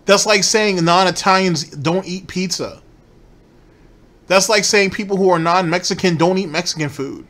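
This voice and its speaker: A man's voice: high voice, moderate pace, fairly bright tone. A man hosting a commentary show, ranting profanely and incredulously about a streamer's clips. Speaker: commentary host.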